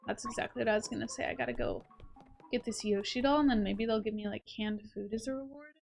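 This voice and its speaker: A woman with a fairly high voice talks through a video game with casual, playful commentary. She reads on-screen text aloud between quips, with faint game music underneath. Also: quick pace, vocal fry, a little mellow. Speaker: let's play host.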